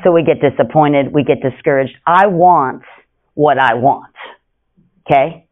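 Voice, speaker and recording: A man preaching an informal sermon in an earnest, repetitive way, swinging between hushed lines and emphatic ones. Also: a little high, unhurried, phone-quality sound.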